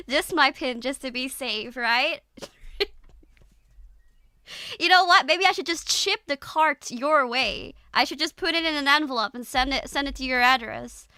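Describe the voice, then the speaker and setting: Giggly high-voiced woman streamer. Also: lively intonation, measured pace, pauses often, bright, forceful tone, dry recording. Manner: giggly, playful teasing. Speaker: VTuber streamer. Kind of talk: casual stream chat.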